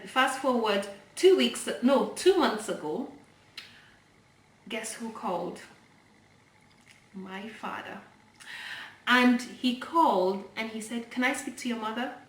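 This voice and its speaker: A young woman tells a personal story to the camera in a loose, rambling way, full of fillers and restarts. Her voice sits at an ordinary middle pitch. It sounds roomy and a little distant from the mic, with faint noise behind her. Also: slow, long pauses. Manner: chatty, digressive, many fillers and restarts. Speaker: vlogger. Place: indoor room, filmed by a helper.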